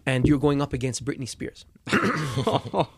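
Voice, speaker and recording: A young man talking as a musician guest in a casual interview, telling his story with lots of swearing and repeated words, and getting loud when angry. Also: mid-range voice, lively intonation, unhurried, slightly rough, no room sound.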